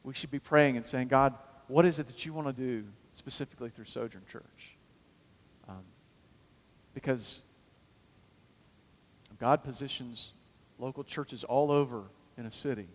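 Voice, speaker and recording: A man preaching a sermon as pastor, swinging between loud fervent calls and quiet low asides. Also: unhurried, long pauses. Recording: hall reverb.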